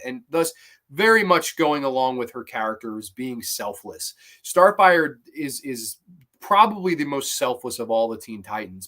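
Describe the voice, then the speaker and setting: A young man hosting a casual review show, talking in a rambling, animated way with many restarts and sudden jumps in emphasis. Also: mid-range voice. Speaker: host of a cartoon review show. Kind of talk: casual spoken episode review.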